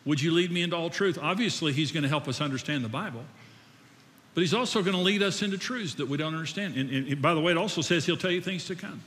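His voice a little high and fairly bright, an older man talks quickly and animatedly through a sermon. He chats with the crowd, asks them questions, and pokes fun at himself, all captured with the echo of a church hall.

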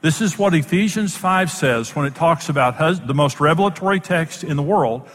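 A Bible teacher and program host with a slightly high, expressive, somewhat bright voice delivers an emphatic, plain-spoken sermon-style teaching in numbered points at a moderate pace. The sound carries the feel of a large hall.

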